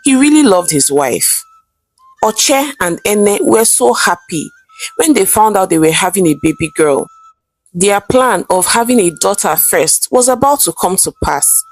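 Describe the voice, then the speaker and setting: A woman's voice: medium pitch, lively intonation, unhurried. A woman narrating a folktale in a dramatic storyteller manner. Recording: faint background music.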